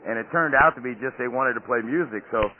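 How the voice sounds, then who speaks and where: A man's voice: medium pitch, fairly quick. Man talking over a tinny phone line. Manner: rambling, many fillers and restarts. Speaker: podcast host. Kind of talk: casual conversational interview. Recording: tinny phone-line audio with faint noise.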